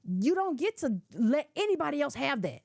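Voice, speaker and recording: A woman's voice: high-pitched, big pitch swings, normal speed, vocal fry, a little mellow, dry recording, clean studio sound. A middle-aged woman giving casual, opinionated commentary, lecturing emphatically and talking in a colloquial way. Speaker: commentator reacting to clips.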